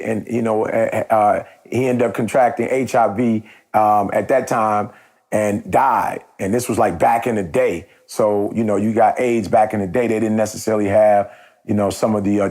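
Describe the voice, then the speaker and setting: A man's voice: lowish voice, a little mellow. A man hosting a podcast, telling a story in a casual, slangy way before turning it into a motivational message. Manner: conversational and slangy, with repeated phrases and restarts. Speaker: motivational speaker and podcast host.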